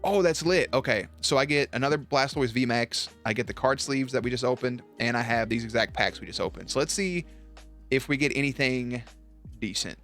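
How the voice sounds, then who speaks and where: A man chatting casually on a live stream, animated and profane, with sudden jumps up in pitch. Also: brisk, soft background music.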